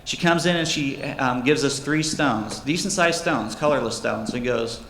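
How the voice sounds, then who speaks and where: A young man tells funny customer stories from his jewelry shop at a relaxed, easy pace, slipping into raised voices to act out the people in them. His voice sits at an ordinary middle pitch. He is recorded in a roomy, echoing hall with a faint hum of ambience behind him. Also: normal speed, few pauses. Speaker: jeweler giving a convention panel talk. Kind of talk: casual storytelling to an audience. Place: convention panel room.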